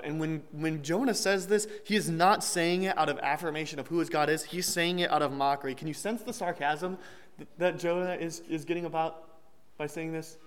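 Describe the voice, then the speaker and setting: A man's voice: a little high, fairly even intonation, brisk, smooth. Young man preaching in a reverberant hall. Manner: conversational, with restarts and light humor. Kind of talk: sermon.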